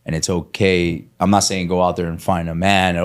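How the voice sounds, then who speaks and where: A man co-hosting a candid, unscripted podcast, talking bluntly and swearing freely, and getting louder and higher when he gets worked up. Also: flat delivery, fairly quick, clear, resonant tone. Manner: blunt and emphatic, grows loud and high when worked up. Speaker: podcast co-host.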